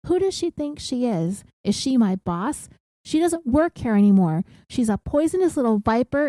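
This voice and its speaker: A woman's voice: on the high side, mellow, no room sound, lightly acted. A woman mimicking a ranting bakery owner. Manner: scolding, ranting.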